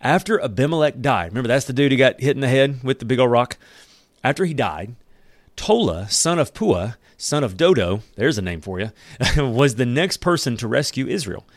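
A man's voice: mid-range voice, expressive, brisk, no echo. Man, casual Bible teacher, reads verses and cracks jokes, mid-range voice, dry close recording. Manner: conversational, with joking asides and chuckles.

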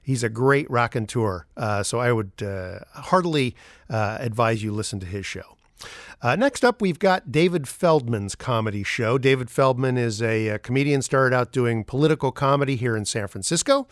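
A man's voice: medium pitch, expressive, moderate pace, no echo, clean studio sound. A man hosting a podcast, introducing clips in a rambling, casual way with many fillers. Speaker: podcast host.

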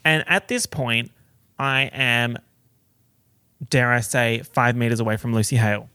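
Young guy vlogging, super gushy and sweary, bright fry-heavy voice, dry close sound. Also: measured pace, dry recording. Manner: animated, gushing, swearing, jumps in pitch for emphasis. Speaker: content creator. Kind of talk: excited storytelling vlog.

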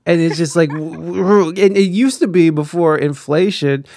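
A man's voice: on the high side, moderate pace, creaky, a little mellow. A man chatting casually as host, rambling with lots of fillers and gushing enthusiasm. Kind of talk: casual chat.

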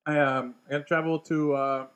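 Casting: young male radio co-host, quick and rambling, slightly high voice, studio banter. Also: clear, resonant tone. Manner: excitable, rambling, swears freely. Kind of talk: casual sports banter.

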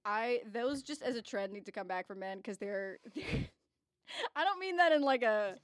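Animated, swearing young woman. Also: fairly high pitch, normal speed, no echo, studio quality. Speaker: podcast co-host. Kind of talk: casual tabletop chat.

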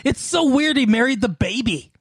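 A man's voice: very high voice, animated, normal speed, slightly rough, no room sound. Laughing man with a dry voice. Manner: laughs often, rattles off lists. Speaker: podcast co-host. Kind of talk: casual chat.

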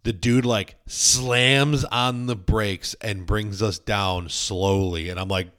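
A man's voice: on the low side, steady tone, takes it slowly, hardly any pauses, a bit bright. A young man, casually telling stories and filling his talk with "like". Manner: storytelling, heavy use of "like". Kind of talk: casual chat.

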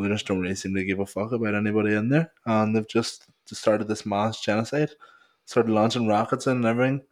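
A young man with a Northern Irish accent and a fairly low voice, rambling through casual podcast chat in a small home studio. He talks loosely, stacking "like" and swear words as he goes. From Northern Ireland. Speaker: podcast co-host.

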